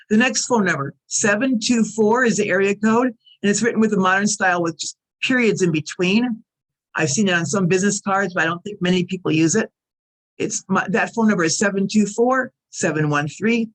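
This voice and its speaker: A woman teaching English to learners, speaking slowly and carefully and spelling out each number and abbreviation. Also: fairly low pitch, fairly bright tone, poor audio. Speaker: ESL teacher. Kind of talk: recorded lesson recap.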